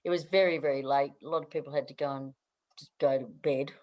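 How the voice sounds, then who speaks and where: A woman's voice: sits low, steady tone, fast talker, lo-fi sound. A middle-aged Australian woman chatting as an interview guest, laughing often and restarting her sentences. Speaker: guest, newspaper editor. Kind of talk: casual interview chat.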